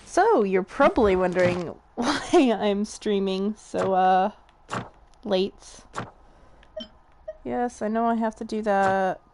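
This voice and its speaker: A woman's voice: medium pitch, slow pace, long pauses, darkish tone, a little hiss or hum. A young woman streaming a game, chatting casually, giggling and swearing freely. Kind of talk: casual live-stream chat.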